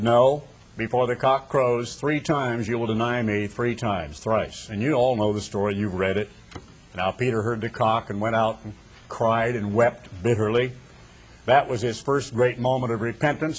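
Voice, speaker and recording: An older man delivers a sermon in a husky voice of middle pitch. He retells scripture as a dramatic story, slowing down and building up for emphasis. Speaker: preacher.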